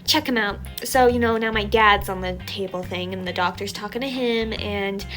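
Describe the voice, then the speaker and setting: A young adult woman telling a story from her childhood in an animated, chatty, self-mocking way, while still a little sick. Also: mid-range voice, moderate pace, soft background music. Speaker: storytime vlogger. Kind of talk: casual storytelling.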